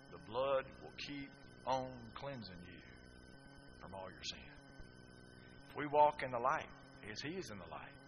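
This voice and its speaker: A male preacher delivering a sermon emphatically, swinging from loud declarations to hushed, drawn-out phrases. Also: medium pitch, slight background noise. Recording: dull lo-fi sermon recording.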